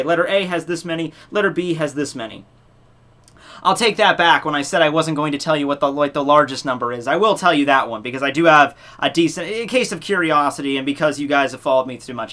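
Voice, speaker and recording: Rambling young man with a bright voice. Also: fairly high pitch. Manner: rambling, many fillers and restarts, casual swearing. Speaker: YouTube channel host running a fan contest. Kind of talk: casual unscripted talk to viewers.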